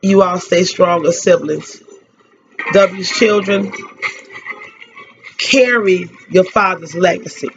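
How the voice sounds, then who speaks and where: A grieving woman speaks on a radio tribute, her words slow and halting as she repeats herself through tears. The sound is muffled and lo-fi, like an old broadcast. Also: lowish voice. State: tearful. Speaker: radio host giving a tribute. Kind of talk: emotional spoken tribute. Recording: dull lo-fi radio recording.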